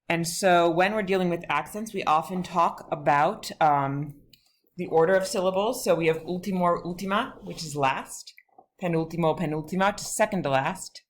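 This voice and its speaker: A woman teaching a Spanish lesson, explaining step by step with frequent pauses and fillers, mixing English and Spanish words. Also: low voice. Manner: patient, explains step by step with many ums. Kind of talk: recorded online lesson.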